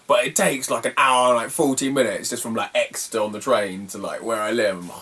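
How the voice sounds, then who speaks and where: A man's voice: medium pitch, animated, quick pace, a bit bright, slightly rough, far from the mic. A man, telling a rambling, self-mocking travel story in a casual video. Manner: rambling, self-mocking, laughs at his own stories. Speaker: retro game collector vlogger.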